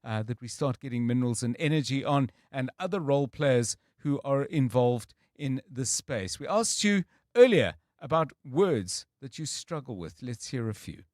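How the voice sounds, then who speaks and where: South African talk radio host, dry studio. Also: male voice, mid-range voice, lively intonation, moderate pace, darkish tone, no room sound. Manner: conversational, chuckles while reading listener messages.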